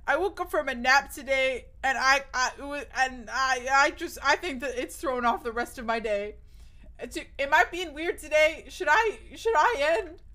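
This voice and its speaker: A woman's voice: high voice, moderate pace, sharp tone. A young woman streamer chatting casually with her viewers, rambling and restarting a lot, nervous, with her voice cracking. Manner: rambling, restarts often, swears. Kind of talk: casual chat with live viewers.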